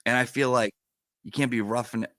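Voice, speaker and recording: A man's voice: medium pitch, fairly even intonation, a little fast, a bit bright, no room sound. A man hosting a live stream, chatting casually and emotionally with fillers.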